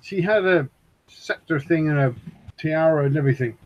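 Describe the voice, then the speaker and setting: A man's voice: fairly high pitch, moderate pace, dull audio. A man playing in a live-streamed tabletop game, teasing and laughing often. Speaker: player.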